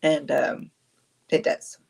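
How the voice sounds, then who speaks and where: A woman's voice: slow, darkish tone. A woman, chatting casually on a livestream, rambling, answering viewers and laughing often. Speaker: livestream host.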